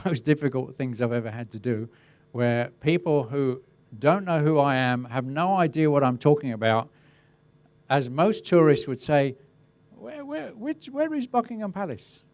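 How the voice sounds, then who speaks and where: A middle-aged man, a crowd safety specialist, giving a webinar talk with relaxed, wry storytelling. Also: mid-range voice, a little slow, dry recording. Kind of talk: webinar presentation, telling an anecdote.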